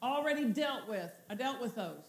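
Casting: woman preacher, high voice, emphatic and repetitive. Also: expressive, moderate pace. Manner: repetitive, building to exultant shouts. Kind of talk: sermon.

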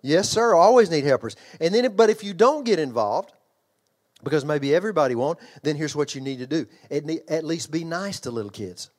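An older man delivers a sermon in a fairly high voice. He preaches emphatically but conversationally, turning to his congregation with questions. He repeats phrases for weight and restarts lines as he goes. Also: lively intonation, fairly quick. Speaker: pastor and children's ministry trainer.

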